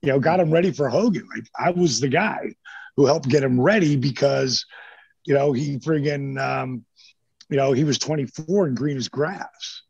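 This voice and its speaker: A man's voice: mid-range voice, normal speed, gravelly, a little mellow, slightly rough, no room sound. A man in his sixties, a guest on an interview show, telling stories casually and animatedly with profanity, acting out the voices of people he quotes. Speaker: interview guest, former wrestler. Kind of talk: casual storytelling. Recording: dull lo-fi sound.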